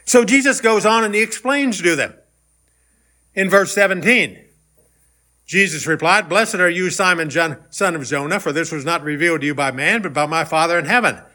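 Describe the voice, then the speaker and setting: A man's voice: a little high, normal speed, pushed and bright. A man preaching a sermon in a conversational way, rising into emphatic questions. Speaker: pastor.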